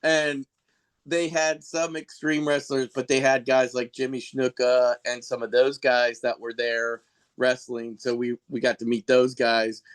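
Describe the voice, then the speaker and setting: A man's voice: unhurried, clean tone. A man guest on a podcast, telling long, rambling stories in casual chat with lots of restarts and fillers. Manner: jumps into high, animated voices when quoting people. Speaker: podcast guest, costume and effects artist for a shock rock band.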